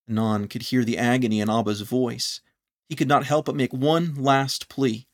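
A man narrating a scripted story in a measured, solemn reading. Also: medium pitch, steady tone.

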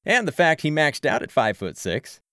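A man's voice: on the high side, normal speed, clear, resonant tone, no room sound, studio quality, voice pushed up. A man voicing a cheerful, talkative adult baseball fan in an audiobook. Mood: chatty. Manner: excited, talkative. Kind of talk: audiobook character voice.

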